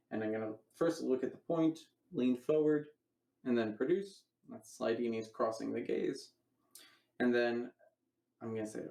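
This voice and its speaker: A man with a gravelly voice gives a casual magic lecture. He rambles, restarts phrases and talks through moves as he demonstrates them. The room around him is echoey. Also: medium pitch, warm tone, far from the mic.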